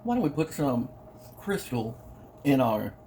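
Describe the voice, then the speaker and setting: A man's voice: mid-range voice, sing-song, measured pace, warm tone, slight background noise. Playful man chatting while eating. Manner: playful, sings and hums between bites. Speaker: mukbang vlogger. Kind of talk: casual eating vlog talk.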